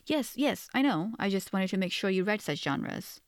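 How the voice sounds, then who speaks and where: A shy young man speaking haltingly on the phone, voiced by a woman reading aloud. His words stop and start with hesitant pauses. The recording is dry and close. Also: mid-range voice, expressive, clear, resonant tone, dry recording, natural voice. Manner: stammering, hesitant.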